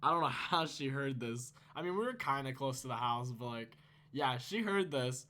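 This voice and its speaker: Bright-voiced teen guy rambling a story. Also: medium pitch, expressive, moderate pace. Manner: casual, profane, rambling with laughs. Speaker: YouTuber. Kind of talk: storytime vlog.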